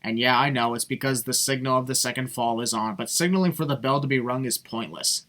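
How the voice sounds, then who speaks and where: A man's voice: medium pitch, a little fast, very noisy. A man giving sarcastic voice-over commentary, blunt and mocking, swearing freely. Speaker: video commentator.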